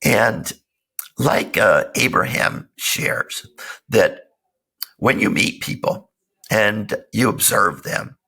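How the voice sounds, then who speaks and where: Hoarse, gravelly-voiced man, lively delivery. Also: fairly low pitch, slow. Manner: meandering, earnest, self-help tone. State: hoarse from a cold. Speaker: podcast host. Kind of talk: casual solo podcast talk.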